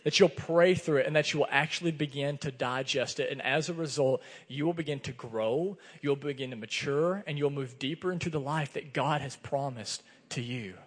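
A man's voice: fairly high pitch, normal speed, few pauses. Earnest man preaching in a reverberant church. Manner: earnest, conversational preaching with personal storytelling. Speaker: pastor. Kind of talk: sermon. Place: church sanctuary. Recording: long reverb of a church hall.

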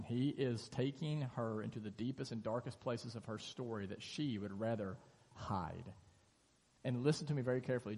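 Pastor preaching, lively storyteller, husky voice, long church reverb. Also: male voice, mid-range voice. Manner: animated storytelling, acting out scripture dialogue. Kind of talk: sermon. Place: church sanctuary.

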